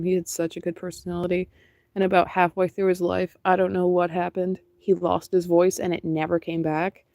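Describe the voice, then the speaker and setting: A woman's voice: lowish voice, a little mellow, dry recording. A young woman chatting casually and rambling while painting on a stream, laughing often. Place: outdoors in cold wind.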